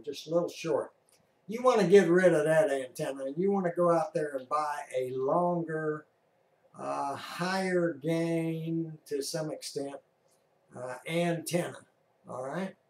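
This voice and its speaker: A man explains handheld radio antennas in a slow, folksy, unhurried way, pausing often on "uh" and checking in with his listeners. His voice sits a little high for a man and carries plenty of room echo, with now and then a cleared throat. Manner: slow, folksy, many "uh" pauses and "all right?" check-ins. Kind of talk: casual on-camera demonstration.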